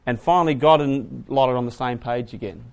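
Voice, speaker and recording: A man preaching to a class, asking the audience questions and moving between hushed asides and loud emphasis. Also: medium pitch, a little fast, vocal fry. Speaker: preacher teaching a Bible class. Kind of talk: sermon.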